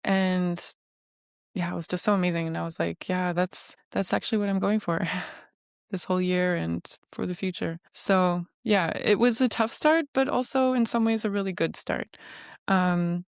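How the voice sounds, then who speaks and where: A woman's voice: fairly low pitch, steady tone, moderate pace, gravelly, no echo, studio quality. A middle-aged woman hosting a podcast, talking in a chatty, reflective way with many fillers. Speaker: podcast host. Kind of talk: casual podcast monologue.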